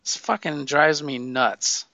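A man's voice: a little high, fairly even intonation, slow, bright, forceful tone, no echo. A man co-hosting a casual podcast chat, blunt and swearing often. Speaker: podcast co-host.

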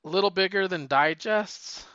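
A woman co-hosting a casual podcast chat, speaking in a halting way as she searches for words. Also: fairly low pitch, fairly bright tone, no echo. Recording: dull, lo-fi dry recording.

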